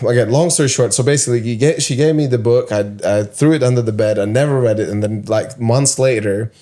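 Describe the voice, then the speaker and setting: A man's voice: medium pitch, fairly quick, warm tone. A man hosting a casual podcast, talking loosely and chattily and laughing easily. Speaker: podcast host.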